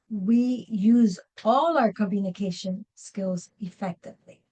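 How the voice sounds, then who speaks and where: A woman leads a workshop in a meeting room, speaking at an unhurried pace in a mid-range voice. She often restarts her sentences and fills pauses with "um". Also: mid-range voice, mellow, rough recording. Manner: slow, many fillers and restarts. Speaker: workshop presenter. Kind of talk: live seminar talk.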